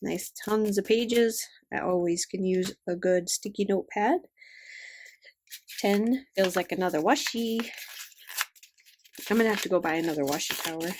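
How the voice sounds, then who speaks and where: An older woman chatting quietly and fondly as she unboxes stickers and tape, keeping her voice down. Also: lowish voice, slight background noise. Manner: hushed, gushing, fond. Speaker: vlogger. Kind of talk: casual unboxing chat.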